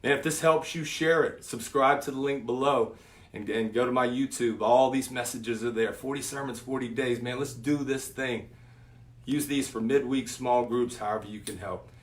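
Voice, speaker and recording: A man's voice: medium pitch, normal speed. Man in his fifties telling a story. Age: 50s. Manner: vivid storyteller, drops to a hush for effect. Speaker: preacher and youth speaker. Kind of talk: storytelling sermon.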